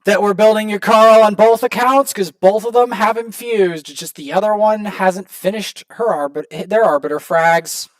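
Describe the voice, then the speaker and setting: A man hosting a gaming channel, casually commenting to viewers as he opens rewards, prone to excited outbursts. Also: high voice, normal speed, few pauses, no room sound. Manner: excitable, talks to viewers while opening rewards.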